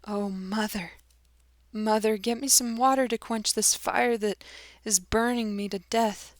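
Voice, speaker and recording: A woman's voice: a little high, steady tone, unhurried, no echo, clean studio sound, natural voice. Woman voicing a dying young man crying out in terror. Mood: pleading. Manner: crying out in anguish, pleading and shrieking. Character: dying young male student, terrified and despairing.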